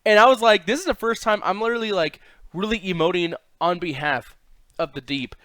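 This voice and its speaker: A man's voice: high-pitched, fairly quick, crowd noise. A man co-hosting a casual TV recap podcast, talking in a blunt, laid-back way and swearing casually. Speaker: podcast co-host.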